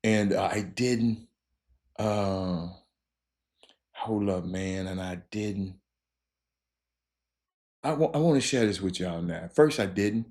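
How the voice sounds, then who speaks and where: A man hosting a casual sports talk show, rambling and repeating himself with animated bursts. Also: on the low side, takes it slowly, pauses often. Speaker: show host.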